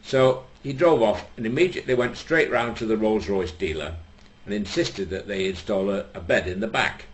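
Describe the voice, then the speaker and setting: A male comedian telling jokes to an audience, with dry, unhurried storytelling and mock-solemn asides. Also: on the low side, slight background noise. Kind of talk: stand-up joke telling.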